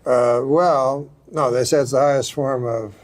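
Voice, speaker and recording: A man telling a joke in a deadpan, folksy way, meandering and restarting as he goes. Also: medium pitch, a little slow. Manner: dry, meandering, folksy storytelling. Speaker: talk show guest.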